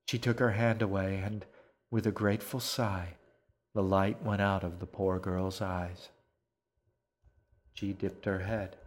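A man narrating a dark fantasy audiobook in a measured, even manner. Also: sits low. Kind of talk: scripted narration.

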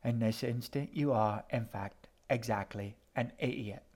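A shifty, sardonic boy guide from a storybook, answering everything with dry sarcasm, as a man reads him. He stays near the reader's own mid-pitched voice, flat and unimpressed. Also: measured pace, close to an everyday voice.

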